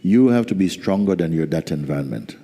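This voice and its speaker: A man as spiritual teacher giving a slow, soft-spoken satsang talk with gentle humor. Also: sits low, expressive. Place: large hall. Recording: reverberant hall.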